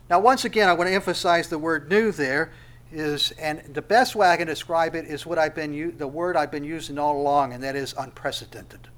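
A man preaching a sermon verse by verse, dropping to a soft, hushed tone and then rising to loud, emphatic stress, slowing down on scripture phrases. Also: on the high side. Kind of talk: expository sermon.

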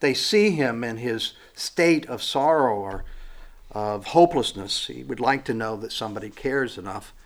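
A man preaches a sermon at a middle pitch, thinking aloud with pauses and fillers. His delivery swings from hushed, low lines to emphatic, rising phrases. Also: animated. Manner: reflective, with frequent fillers and pauses.

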